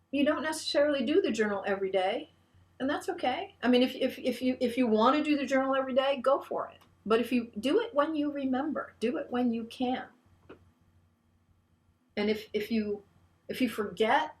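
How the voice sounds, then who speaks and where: A woman minister giving an online sermon, earnest and encouraging, often restarting her phrases. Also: fairly high pitch. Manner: leads the congregation in a call-and-response chant.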